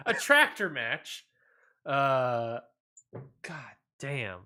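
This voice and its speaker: Bright-voiced laid-back man podcasting. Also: mid-range voice, lively intonation, moderate pace. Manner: laid-back, trails off, drops quiet at line ends. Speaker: podcast co-host. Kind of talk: casual wrestling podcast chat.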